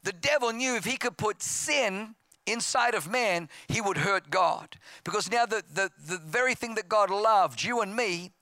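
Australian man, pastor, 50s, sermon storytelling, bright forceful tone, dry close sound. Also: high-pitched, measured pace, no room sound. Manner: storytelling, acting out voices, grows loud and impassioned. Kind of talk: evangelistic sermon testimony.

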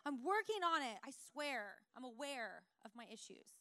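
A woman preaching a sermon, telling lively self-mocking stories and then turning soft and earnest. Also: high voice, normal speed. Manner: animated, self-mocking storyteller.

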